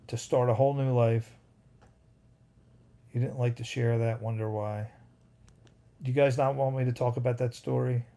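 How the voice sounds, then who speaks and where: A man hosting a casual livestream at home at night, reading viewer comments aloud and drifting off into tangents with excitable reactions. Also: medium pitch. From United States. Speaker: livestream host. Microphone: phone.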